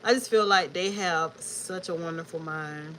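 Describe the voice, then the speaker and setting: A woman's voice: lowish voice, moderate pace, low-quality recording. Woman on a book livestream, laid-back and chatty, saying y'all a lot, bit of hiss behind her. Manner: chatty and relaxed, addresses viewers as y'all. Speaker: book vlogger hosting a livestream. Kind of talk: casual livestream chat with viewers. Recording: faint background noise.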